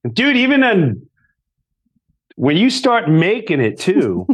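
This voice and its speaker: A man's voice: sits high, slow pace, breathy edge. A middle-aged man, a guest comedian, telling stories in casual chat, swearing and acting out voices of the people in them. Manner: animated, swears, acts out quoted voices.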